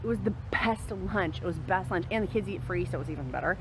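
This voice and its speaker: A woman's voice: on the low side, fast. A woman in her thirties, a mother and vlogger, chatting casually and upbeat to camera and laughing easily. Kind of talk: casual vlog chat to camera. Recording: background noise from cars and outdoors.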